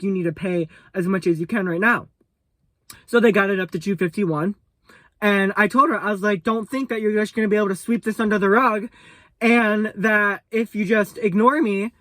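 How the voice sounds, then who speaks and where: A man's voice: sits high, sharp tone, no room sound. A young man ranting furiously to camera in a vlog, swearing and confronting someone, repeating himself and tripping over his words. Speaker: vlogger. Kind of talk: angry vlog rant to camera.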